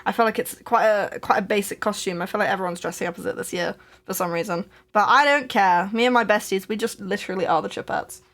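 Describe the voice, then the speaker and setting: A woman's voice: mid-range voice, quick pace, fairly bright tone. Young woman, crafting-stream co-host, chatty and giggly, casual anecdote delivery with frequent restarts. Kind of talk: casual storytelling chat. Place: home crafting live stream.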